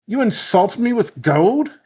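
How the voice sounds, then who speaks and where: A man's voice: high voice, very animated, a little slow, darkish tone, husky, voice pushed up, full character voice. A man playing a haughty guild boss. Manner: haughty, scolding. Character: proud, touchy male guild boss who tosses kobolds.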